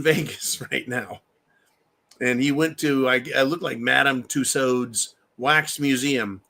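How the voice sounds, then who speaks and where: A man's voice: on the high side, bright, forceful tone. A man hosting a live stream, reading viewer comments aloud and ranting in a profane, mocking way. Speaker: host reading viewer chat.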